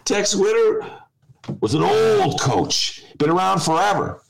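A man's voice: high-pitched, unhurried, vocal fry, poor audio. A man hosting a political talk podcast, ranting emphatically in casual chat and joking with his co-host. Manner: animated, emphatic, ranting with jokes.

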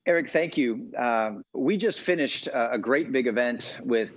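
Animated middle-aged man, dull lo-fi sound. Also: mid-range voice, a little slow. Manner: animated storyteller, frequent uhs and ums. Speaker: interview guest. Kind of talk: casual interview talk. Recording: dull, dry lo-fi audio.

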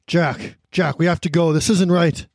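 A woman voicing a young male dwarf in a lowered, urgent voice. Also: fairly even intonation, moderate pace, a little mellow, no echo, clean studio sound. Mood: alarmed.

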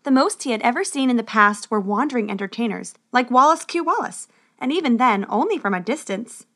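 A woman narrating a children's fantasy story with an expressive, lively read. Her voice sits fairly high and clear. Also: a little fast.

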